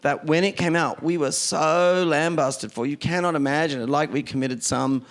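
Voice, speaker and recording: An Australian man, a film director, telling stories in a lively, quick way onstage. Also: on the high side. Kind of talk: onstage conversation.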